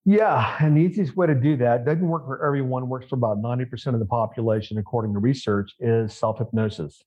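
A man's voice: mid-range voice, fast talker. A man speaking as a podcast guest and mindset coach, emphatic and repetitive, asking rhetorical questions. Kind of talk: conversational podcast interview. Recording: dull lo-fi sound.

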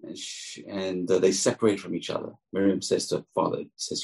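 A man with a gravelly, husky voice teaches a Torah lesson. He tells it as a story and acts out the people in it with lively voices. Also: sits low, a little fast, few pauses, poor audio. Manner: animated teller, acts out quoted voices. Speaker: rabbi teaching.

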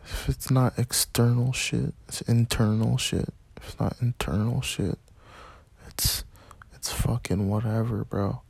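A man hosting a casual solo podcast from a small dark room, rambling and swearing in a laid-back way. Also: medium pitch, fairly even intonation, a little slow, vocal fry, slightly rough, dry recording. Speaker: podcast host.

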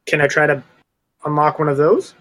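Higher-voiced, laid-back game player. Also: male voice, moderate pace, crowd noise. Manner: relaxed, joking, laid-back. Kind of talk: casual tabletop play.

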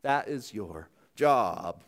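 A man's voice: fairly low pitch, animated, extremely slow, gravelly, a bit bright. A young adult male pastor preaching a sermon in a conversational, self-deprecating way, full of asides.

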